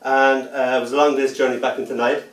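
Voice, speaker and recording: A man giving a poetry reading to a festival audience, playful and theatrical, stretching out words and pausing for effect. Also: mid-range voice, little pitch movement. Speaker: poet. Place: festival venue indoors. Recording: echoey room, mic far off.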